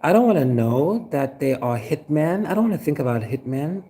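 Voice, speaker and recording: Guy playing a paranoid aggrieved ex-teacher, rambling on, voice a bit high and dark-toned. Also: very animated, normal speed. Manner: rambling, chuckling, full of fillers. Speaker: former teacher. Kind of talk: scripted monologue.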